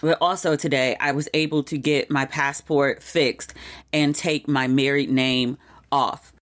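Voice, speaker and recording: A woman hosting her own podcast, talking casually and candidly with frequent "like" asides, and getting emotional and animated over personal news. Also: a bass voice. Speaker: podcast host. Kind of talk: casual chatty monologue.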